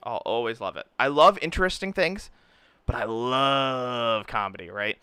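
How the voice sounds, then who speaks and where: A man co-hosts a casual chat, telling stories as an animated storyteller who keeps saying "right?" and "dude." His voice is medium-pitched and clean at a normal speed, captured in a dry recording.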